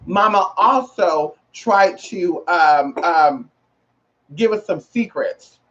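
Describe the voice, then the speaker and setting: A woman vlogger chats casually to camera in a lowish, expressive voice at a slow pace. She's sassy and slangy, calling listeners "girl" and "honey" and repeating phrases for emphasis. The recording is muffled and lo-fi.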